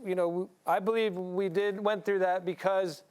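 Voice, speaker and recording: Comedian panellist, man, high smooth voice, dry jokes. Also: moderate pace. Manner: deadpan joking, playful voice swings.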